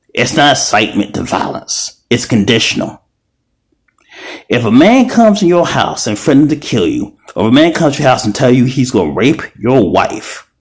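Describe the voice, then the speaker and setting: A man rants into his own video in a fairly low voice. He is heated and profane, circling back over the same points and tripping into restarts as he goes. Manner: profane, heated, repetitive ranting; stumbling restarts. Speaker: video creator. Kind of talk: angry ranting vlog.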